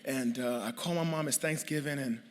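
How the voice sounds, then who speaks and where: A man's voice: mid-range voice, moderate pace, a little hiss or hum. Man, late 30s, from New York, hall of fame acceptance speech, humorous and rambling, lots of fillers, long hall reverb. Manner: humorous, chatty, many fillers and restarts.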